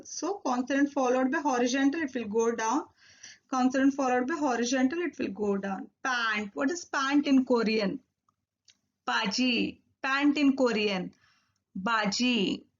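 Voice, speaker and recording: High-voiced woman teaching Korean. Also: dull audio. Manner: repeats words slowly, drills syllables. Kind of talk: recorded language lesson.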